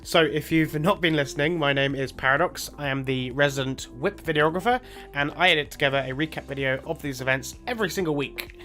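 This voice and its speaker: A man's voice: on the high side, a little fast, pushed and bright. A man in a pre-recorded message, giving cheeky, profane instructions as the show's videographer. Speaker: resident videographer. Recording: played-back recording with music behind.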